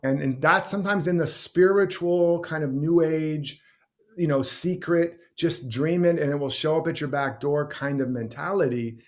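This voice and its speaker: A fairly high-voiced man speaking as a guest in a conversational interview. He talks passionately and at length, spinning jokes and examples into his points. His pace shifts between quick bursts and slow, stressed phrases. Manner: passionate, rambling storyteller. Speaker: guest teacher.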